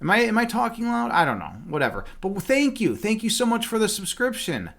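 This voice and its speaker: A man's voice: sits high, big pitch swings, brisk, gravelly. A man chatting casually on a livestream as a chess instructor. He rambles and fills his talk with "like" and "you know". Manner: talks loudly at times.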